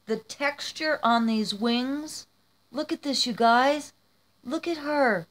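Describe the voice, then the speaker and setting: A woman's voice: high-pitched, takes it slowly, a bit bright. A woman vlogging as she opens gifts, gushing and emotional, crying happy tears. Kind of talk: casual vlog, opening gifts.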